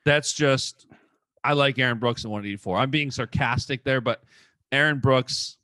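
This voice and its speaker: Bright-voiced guy co-hosting a podcast, fast casual chat, dry close sound. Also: mid-range voice, dry recording. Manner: quick, animated, full of "like" and restarts. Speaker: podcast co-host. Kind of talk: casual chat about wrestling.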